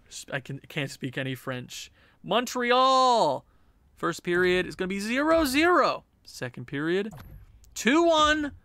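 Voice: medium pitch, pushed and bright, dry recording. A gaming channel host giving casual, chatty gameplay commentary and laughing at their own jokes.

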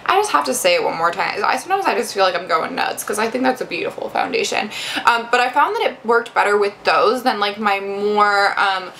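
A woman's voice: mid-range voice, lively intonation, a little fast, fairly bright tone, a little hiss or hum, poor audio. A young adult woman giving a casual makeup review, chatty and rambling with lots of fillers and restarts. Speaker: beauty vlogger.

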